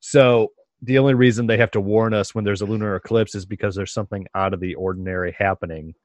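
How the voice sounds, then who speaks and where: A man with a lowish voice chats loosely in a casual podcast and keeps posing questions to the group. His tone is conversational and curious. The mic is close and dry. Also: fairly even intonation, fast talker, a little mellow, no echo. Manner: chatty, questioning.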